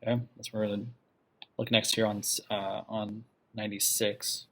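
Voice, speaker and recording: A man with a lowish, slightly bright voice teaches a math class in a flat delivery at moderate pace. He goes step by step, frequently asking "okay?" to check students follow, questions the class, and repeats key ideas.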